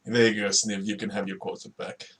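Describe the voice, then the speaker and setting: A man playing a tabletop game with friends, relaxed and casually swearing as he describes his character's actions. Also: on the low side, fairly quick. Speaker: player. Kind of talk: tabletop game play over voice chat.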